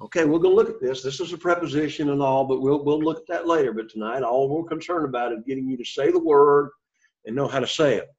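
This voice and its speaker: A man's voice: medium pitch, fast talker, darkish tone. Encouraging man teaching a classroom lesson. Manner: encouraging, explains step by step and quizzes the class. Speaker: Greek teacher. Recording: dull lo-fi sound.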